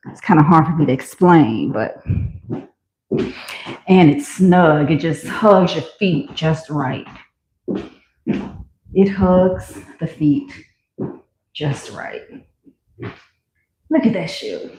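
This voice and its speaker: Speaking slowly with long pauses, this woman has a deep, darkish voice, and a little hiss or hum sits under the audio. She's a vlogger trying on and selling shoes, talking to viewers in a chatty, enthusiastic shop-with-me style, recorded at home in a roomy, somewhat dull space.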